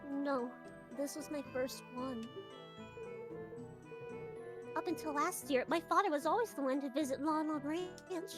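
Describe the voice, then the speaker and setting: A woman's voice: sits high, close to an everyday voice. A woman putting on a nasal young princess. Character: young princess witness, polite and earnest. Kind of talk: voicing a character in a game playthrough.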